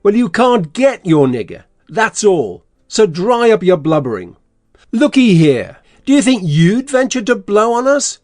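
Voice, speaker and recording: An actor playing a scheming, bossy swindler in an audiobook, blustering and threatening. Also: male voice, high-pitched, very animated, unhurried, darkish tone, dry recording, clean studio sound. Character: scheming middle-aged male swindler, gruff and bossy. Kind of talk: audiobook character reading.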